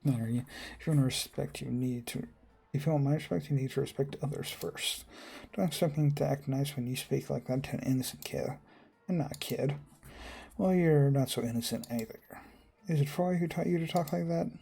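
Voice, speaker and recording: A man reading visual novel dialogue aloud, quick and stumbling, often restarting words. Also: medium pitch, gravelly, dark tone, slightly rough. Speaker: gamer voicing a visual novel.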